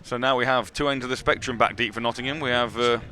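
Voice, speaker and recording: Bright-voiced play-by-play man. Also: medium pitch. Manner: brisk, excitable at big plays. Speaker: play-by-play commentator. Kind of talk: live sports commentary.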